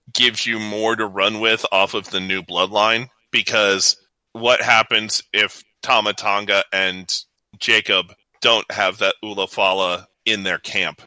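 A man on a podcast talks in long, winding runs, restarting his sentences as he goes. His tone is sharp and very bright. The sound is dry and close. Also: on the low side, level tone, slow pace, dry recording, low-quality recording. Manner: rambling, many restarts. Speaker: podcast co-host. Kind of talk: casual wrestling podcast chat.

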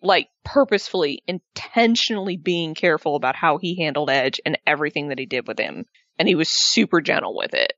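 A woman co-hosting a casual recap chat, animated and sarcastic, with excited outbursts. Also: sits low, a little fast, no room sound, muffled recording.

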